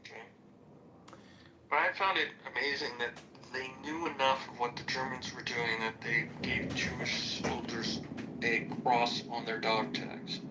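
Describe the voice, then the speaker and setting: A man's voice: mid-range voice, echoey room, rough recording. A man in casual podcast chat, explaining plainly with fillers. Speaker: podcast panelist.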